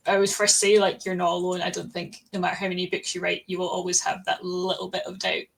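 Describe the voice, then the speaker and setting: A woman author appearing as a podcast guest, warm, enthusiastic and reassuring in casual chat. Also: on the low side, monotone, quick pace, gravelly, breathy edge, rough recording.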